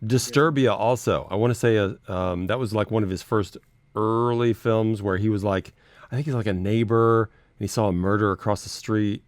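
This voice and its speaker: A man's voice: lowish voice, steady tone, normal speed, no echo. A man hosting a casual chat show, running through the news with a chatty, laughing manner. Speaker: radio show host.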